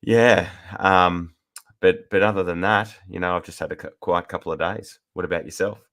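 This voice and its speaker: An Australian man co-hosting a podcast in casual chat, his voice husky from a cold, relaxed and dry. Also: low-pitched, normal speed. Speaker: podcast co-host.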